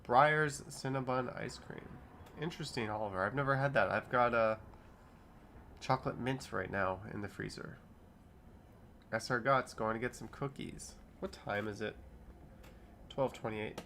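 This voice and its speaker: A man in his thirties hosts a casual livestream, chatting as he reads viewers' comments aloud and riffs on them. His mid-range voice is fairly bright, and he speaks unhurriedly with long pauses. There's slight background noise.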